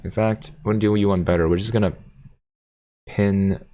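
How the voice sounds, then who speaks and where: Deep-voiced guy on a livestream, chatty and jokey, reading out chat. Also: fairly even intonation, moderate pace, mellow. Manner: reads viewer comments aloud, jokey and playful.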